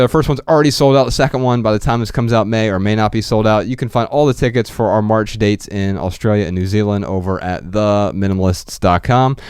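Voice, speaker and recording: A man's voice: on the low side, a little mellow, smooth, dry recording. A man co-hosting a podcast in casual chat, joking and reading out tour dates and plugs on a studio microphone. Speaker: podcast co-host.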